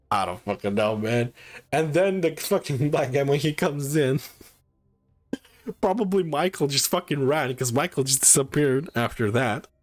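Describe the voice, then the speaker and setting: A man's voice: medium pitch, lively intonation, measured pace. A man giving a casual spoiler review of a movie, swearing often and sounding incredulous as he rambles.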